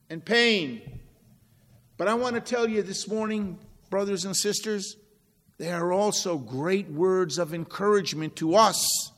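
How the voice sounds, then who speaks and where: A man preaching a sermon, slow and deliberate, swinging from loud stresses to near-whispered drops. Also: high voice. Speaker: pastor. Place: church. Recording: long reverb in a large hall.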